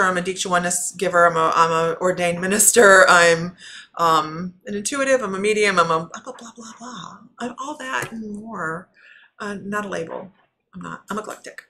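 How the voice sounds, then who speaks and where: A woman's voice: on the low side, normal speed, pushed and bright. A woman working as a spiritual medium, chatting loosely to viewers on a live stream, rambling and cutting herself off and laughing often. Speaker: spiritual medium giving readings.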